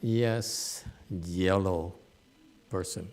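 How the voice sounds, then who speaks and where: In a low, steady, slightly mellow voice, a Buddhist teacher talks unhurriedly to students about the dharma in a meditation center hall. Blunt and teasing, he keeps stumbling into fillers and restarting sentences.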